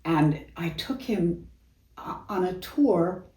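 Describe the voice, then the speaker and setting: A woman's voice: on the low side, expressive, slow pace, warm tone. An older actress and singer, chatting and reminiscing about stage life as an interview guest, laughing often through her anecdotes. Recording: roomy, distant mic.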